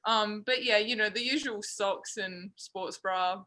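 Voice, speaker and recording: A woman's voice: mid-range voice, a little slow. A young Australian woman, a college basketball player, chatting easily on a video call. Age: young adult. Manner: relaxed, laughs between thoughts. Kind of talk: casual video-call interview.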